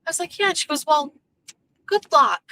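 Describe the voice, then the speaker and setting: A woman's voice: sits high, animated, sharp tone, slight background noise, rough recording. A woman, hosting her show and telling a casual, profane story, quoting the people in it. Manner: chatty and profane, quoting others in quick back-and-forth. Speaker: host.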